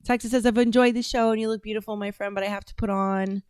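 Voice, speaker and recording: A woman's voice: medium pitch, fairly even intonation, fast, a little mellow, clean tone, dry recording, studio quality. A woman hosting a casual livestream, reacting to clips and chatting with viewers in a blunt, profane way. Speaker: livestream host.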